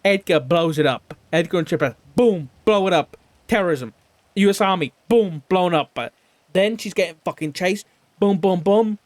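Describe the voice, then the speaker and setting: A man's voice: high-pitched, normal speed, no echo. A man recapping an investigation in character, rambling and swearing a lot, sometimes mimicking other people. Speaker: roleplay streamer.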